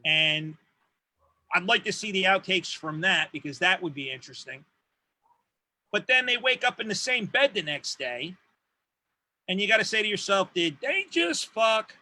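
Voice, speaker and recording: A man's voice: sits high, expressive, moderate pace, long pauses, pushed and bright. A man co-hosting a podcast in casual chat, crude and joking. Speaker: podcast co-host. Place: home studio.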